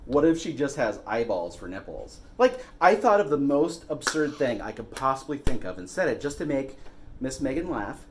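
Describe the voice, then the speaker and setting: Animated man retelling a movie. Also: mid-range voice, normal speed, a little hiss or hum. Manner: animated storytelling, profane, bursts of laughter. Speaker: podcast co-host. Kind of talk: casual movie-rant chat.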